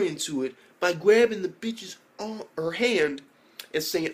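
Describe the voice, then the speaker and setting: A young man casually reviewing an anime episode, excitable and profane, often jumping into exaggerated character voices. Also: sits high, unhurried.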